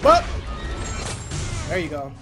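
A man streaming a mobile game live, excitably commenting, shouting and laughing at his opponent in slangy, playful talk. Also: on the high side, slow, soft background music.

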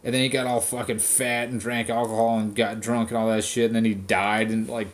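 This man's voice is lowish, flat in delivery, and a little fast. Hosting a podcast, he rants casually, cursing heavily and mimicking people to mock them.

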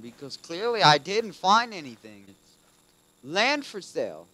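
A man hosting a gaming video, commenting casually as he plays, calling out "dude" often and swinging between muttering and loud frustrated outbursts. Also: high voice, sing-song, measured pace, a little hiss or hum, poor audio. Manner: casual, keeps saying "dude". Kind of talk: let's play commentary.

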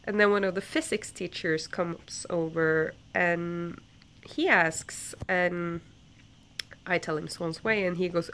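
A woman's voice: on the low side, steady tone, measured pace, gravelly, fairly bright tone. A young woman with a stuffy nose from a flu, telling a rambling story in a casual vlog, full of fillers and self-corrections. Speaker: book vlogger.

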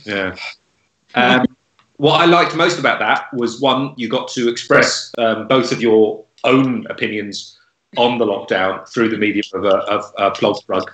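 Dry playful male co-host, bright tone, roomy video-call sound. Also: medium pitch, unhurried. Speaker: comedy club co-host. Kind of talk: casual comedy chat on a video call.

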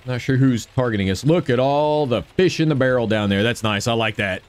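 A man's voice: medium pitch, brisk. A man giving upbeat gameplay commentary and cheering on his own shots. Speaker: gaming video creator.

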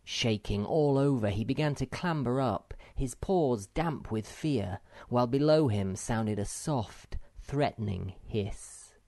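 A man narrating an unabridged children's audiobook in an expressive storytelling manner. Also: medium pitch, slow pace, few pauses, no room sound. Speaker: audiobook reader.

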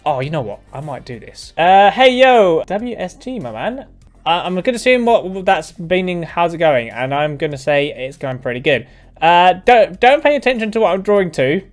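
Young man, upbeat streamer chat, swears casually, animated delivery, faint music behind. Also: sits high, normal speed. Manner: joking, swears freely, chats with viewers.

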